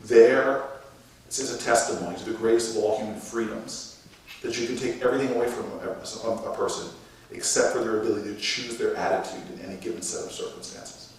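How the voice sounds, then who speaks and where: A man telling a story on stage with animated delivery, acting out shouted quotes, from the United States. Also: lowish voice, a little fast. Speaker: mayor and speaker. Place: large lecture hall. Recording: echoey hall from far off, noisy.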